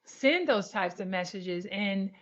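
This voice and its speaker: A woman's voice: medium pitch, slow pace, dull audio. A woman from California, a guest on a panel, talking candidly and with energy in a casual chat and slipping into playful voices when she tells a story. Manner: candid, animated, slips into playful voices for anecdotes. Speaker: guest, former athlete.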